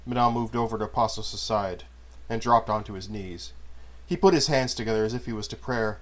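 A man narrating a dark fantasy story aloud, reading at an even, steady pace. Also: fairly low pitch, brisk. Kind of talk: audiobook narration of a fantasy serial.

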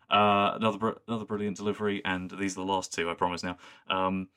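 A young man with a low voice and a bright, forceful edge co-hosts a casual podcast chat. He talks with real enthusiasm. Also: flat delivery, a little fast, clear, resonant tone. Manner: enthusiastic, quotes lines in a put-on voice. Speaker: podcast co-host.

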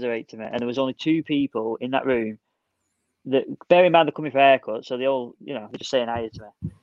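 A man's voice: mid-range voice, dry recording. A man telling stories eagerly in a casual football podcast chat, often restarting his sentences. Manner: excitable storyteller, quick restarts. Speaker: podcast co-host. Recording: dull dry sound.

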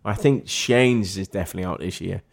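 Gravelly scouse man telling stories. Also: low voice, a little fast. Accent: Liverpool. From Liverpool. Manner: chatty storyteller, acts out others' voices. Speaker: actor guest. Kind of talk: casual interview chat.

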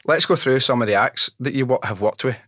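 A Scottish man hosting a podcast, telling stories in a lively, animated, casual way. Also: medium pitch, quick pace, no echo, studio quality. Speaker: podcast host. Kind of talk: casual interview chat.

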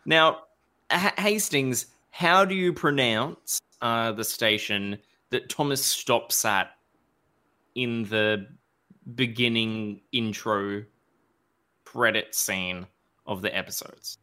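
Slow-talking man, podcast co-host. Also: mid-range voice, pushed and bright. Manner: slow, drawn-out delivery with laughs. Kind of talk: casual chat.

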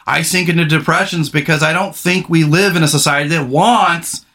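A middle-aged man hosting a podcast in casual chat, rambling, candid and quick to swear. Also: a little high, fairly even intonation, sharp tone. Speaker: podcast host.

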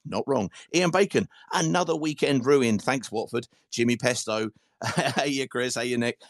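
A man's voice: mid-range voice, normal speed, gravelly, dry recording, studio quality. A man hosting a football fan phone-in, chatty and self-mocking, reading out listener messages with sweary banter. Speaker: fan podcast host. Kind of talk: casual football phone-in chat.

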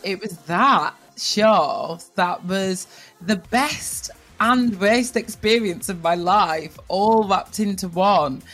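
A TV presenter with a Northern English accent tells her personal story animatedly, her voice jumping whenever she quotes someone. Her pitch is medium.

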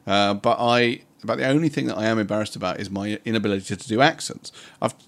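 A man's voice: lowish voice, steady tone, fast talker, vocal fry, fairly bright tone. A man chatting casually as a podcast co-host, rambling and self-mocking with frequent laughs. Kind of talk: casual chat.

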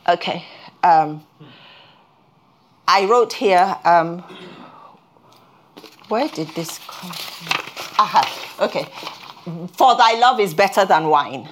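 A woman's voice: lowish voice, animated, a little hiss or hum. Earnest woman preaching a sermon. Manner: earnest, halting restarts, rises when stirred. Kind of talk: sermon with personal testimony.

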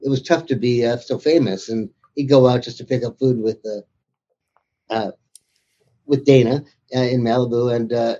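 A man's voice: mid-range voice, fairly even intonation, normal speed, dark tone, dull audio. A man being interviewed as an author, telling anecdotes in an amused, storytelling way. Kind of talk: casual interview chat.

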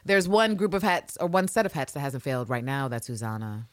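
A woman co-hosting a casual recap podcast, talking in an animated, sarcastic, profane way into a studio mic. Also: extremely low pitch, brisk, no room sound. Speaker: podcast co-host.

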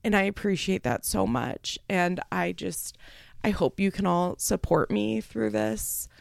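A woman's voice: medium pitch, a little slow, vocal fry, no echo. A young woman hosting her podcast alone, rambling and tearful as she speaks with casual swearing. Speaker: podcast host. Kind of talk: solo podcast announcement.

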